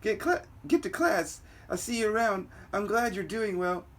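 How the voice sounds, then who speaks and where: Man doing a friendly teen girl, high light falsetto-style voice, comic read-aloud. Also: animated, moderate pace, a bit bright. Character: teenage girl classmate, friendly.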